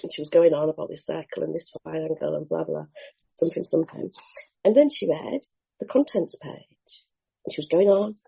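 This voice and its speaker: A woman sharing her recovery story at a meeting, candid and lively, acting out scenes with slang and the odd swear. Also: low-pitched, normal speed, gravelly, slightly rough. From Bristol, England. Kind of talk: animated personal storytelling. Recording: dull lo-fi meeting recording.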